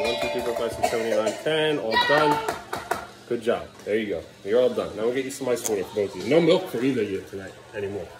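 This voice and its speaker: A man filming a casual home vlog as a father, talking in an exasperated, rambling way and scolding his kids in the living room. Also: medium pitch.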